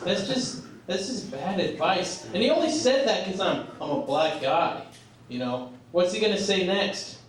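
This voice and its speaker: A young man performs stand-up in a small club, his slightly high voice picked up from a distance in a very echoey room. He talks in a halting, self-deprecating way, full of fillers. Audience laughter rolls in behind him. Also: lively intonation, very noisy. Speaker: stand-up comedian. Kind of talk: stand-up comedy set. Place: small comedy club stage.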